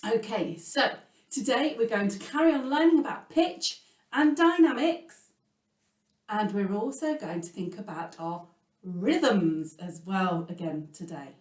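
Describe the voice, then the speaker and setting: An English woman leading a children's music lesson, animated and sing-song, swinging between loud words and whispers. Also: medium pitch. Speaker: music teacher. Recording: echoey room, voice from a distance.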